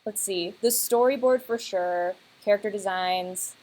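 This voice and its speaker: A young woman student pitching her team's comic project in class, casual and full of "like" and "um". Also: measured pace, a little mellow, a little hiss or hum, poor audio. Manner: casual, many fillers like "like" and "um". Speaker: student presenter.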